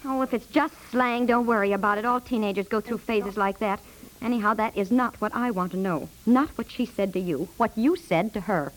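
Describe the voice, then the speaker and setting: An actress playing a sensible, exasperated middle-aged wife in a 1950s radio comedy, brisk and a little teasing. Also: female voice, medium pitch, lightly acted, poor audio.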